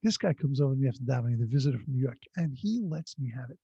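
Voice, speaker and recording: Husky gravelly rabbi telling stories. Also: male voice, mid-range voice, expressive, rapid-fire, mellow, dry recording, muffled recording. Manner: rambling anecdotal delivery with frequent restarts. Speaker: rabbi teaching a class. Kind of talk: conversational storytelling lesson. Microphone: video call.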